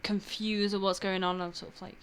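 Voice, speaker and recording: A woman's voice: mid-range voice, flat delivery, fairly quick, a little hiss or hum. A young woman playing in a tabletop game, asking questions and talking casually with many fillers. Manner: quizzical, filler-heavy. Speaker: player.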